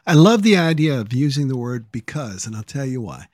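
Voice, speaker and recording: A man's voice: medium pitch, very animated, a little fast, a little mellow, no room sound, clean studio sound. A man hosting a podcast interview, thinking aloud and building his points in lists. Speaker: podcast host. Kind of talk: interview conversation.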